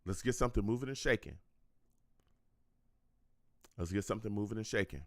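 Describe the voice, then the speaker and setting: A man's voice: fairly low pitch, a little fast, no room sound. A young man hosting a live football reaction stream, repeating himself a lot, venting at the calls and talking to his chat. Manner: frustrated, repetitive, talks to the chat. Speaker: fan show host reacting to a live game.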